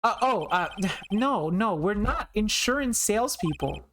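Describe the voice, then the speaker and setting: A woman's voice: medium pitch, animated, measured pace, noisy background, pitched above the performer's own voice, lightly acted. A woman voicing a nervous young male defense lawyer who stammers when flustered.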